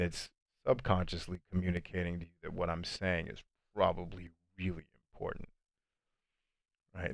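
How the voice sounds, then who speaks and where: Give me a man with a very low voice, a life coach answering viewer comments on a stream, casual and animated, recorded dry with no room echo. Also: creaky. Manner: animated, shifts between fast bursts and slow deliberate cadence; conversational, addresses viewers as friends and dude.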